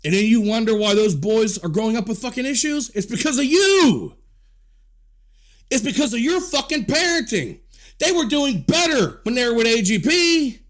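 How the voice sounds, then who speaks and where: A man's voice: very high-pitched, animated, normal speed. A man delivering a heated, profanity-filled rant to camera, scolding and repeating himself. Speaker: commentator.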